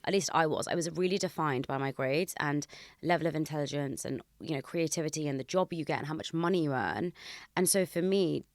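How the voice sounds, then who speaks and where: A woman in her thirties with a low-pitched voice, hosting a podcast in casual conversation. She speaks candidly and reflectively, openly sharing her feelings. The sound is close and dry, with no room around it. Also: fairly quick, dry recording. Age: 30s. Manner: candid, reflective, emotional openness. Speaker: podcast host. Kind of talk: casual chat.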